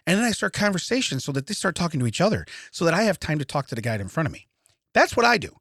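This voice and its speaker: Animated ranting man, bright voice. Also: on the high side, very fast, gravelly, no echo, studio quality. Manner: animated ranting with frequent laughter. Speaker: podcast co-host. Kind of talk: casual comedic storytelling.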